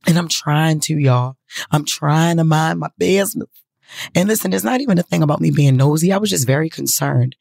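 A woman telling a story to her viewers in a casual, profane, animated way. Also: low voice, a little fast, gravelly, no echo.

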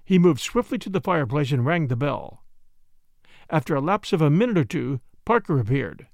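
A man narrates a story in a measured reading, his voice high with a gravelly edge. The sound is dry and close, with no room around it. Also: expressive, a little mellow, no echo. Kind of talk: audiobook narration.

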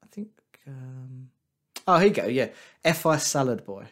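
A man's voice: mid-range voice, expressive, unhurried, fairly bright tone. Chatty man trading banter. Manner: chatty, teasing, thinks aloud with fillers. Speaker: guest trader. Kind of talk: casual podcast chat.

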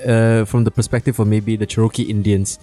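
A man's voice: lowish voice, little pitch movement, brisk, dark tone, soft background music. A man co-hosting a podcast in casual chat, rambling, swearing and laughing often. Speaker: podcast co-host.

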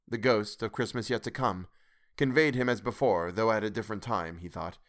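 A man narrates a classic story in a measured, expressive way. His voice sits fairly low. He paces the prose with care. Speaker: audiobook narrator. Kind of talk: scripted narration.

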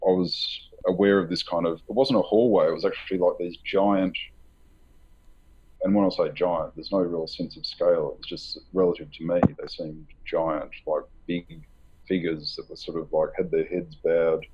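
A man being interviewed about his book, telling a personal story in a halting, rambling way with many fillers and nervous laughs. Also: low-pitched, fairly even intonation, darkish tone, husky, highs cut off. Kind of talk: candid conversational storytelling.

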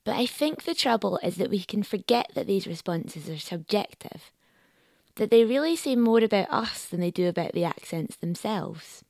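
A woman, a sociolinguist presenting and interviewing in clear, measured explanation. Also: medium pitch, animated, a little mellow, dry recording. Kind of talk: documentary narration and interviewing.

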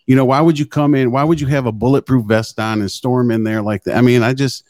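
A man's voice: medium pitch, steady tone, quick pace, darkish tone, no echo. A man in a live-stream discussion who speaks indignantly and hammers his points home by repeating them.

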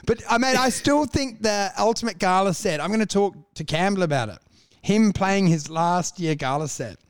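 An excitable, sweary man who is a comedian co-hosting a podcast in casual chat. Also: high voice, smooth. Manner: excitable, sweary, quick to laugh.

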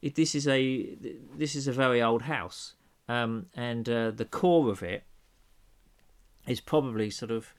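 A tired man hosts a relaxed podcast chat in a middle-pitched voice. He speaks with dry, wry humour and plenty of hesitant fillers. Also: measured pace. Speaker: podcast host. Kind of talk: casual chat. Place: old house in England.

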